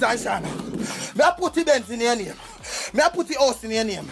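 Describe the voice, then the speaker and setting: A man's voice: very high-pitched, big pitch swings, normal speed, gravelly, background noise. A man with a Jamaican accent in a comedic rant, scolding and playful, sometimes chanting.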